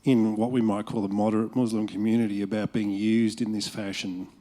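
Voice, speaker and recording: A man's voice: on the low side, flat delivery, fairly quick, dark tone. A man in the audience of a public talk, asking a long, winding question.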